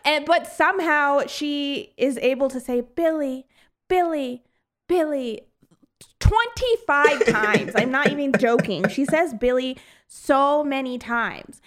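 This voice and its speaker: A woman's voice: high-pitched, animated, measured pace, few pauses, a bit bright. A woman co-hosting a casual chat about a film, laughing often and acting out lines. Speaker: podcast co-host.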